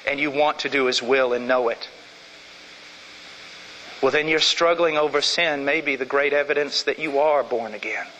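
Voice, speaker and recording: A man preaching a sermon with fervor, repeating phrases for emphasis and swinging from loud to low. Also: moderate pace, long pauses, in a large hall, lo-fi sound, a little hiss or hum.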